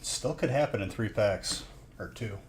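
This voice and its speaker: A man's voice: on the low side, normal speed, noisy background. A man with a stuffy nose chatting casually on a live stream while opening trading card packs and thanking viewers.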